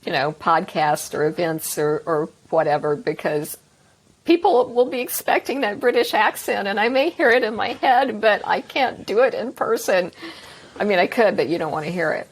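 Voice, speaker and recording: Slightly husky Texan woman author. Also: mid-range voice, moderate pace. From Texas, north of Dallas. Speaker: author guest. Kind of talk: interview answers.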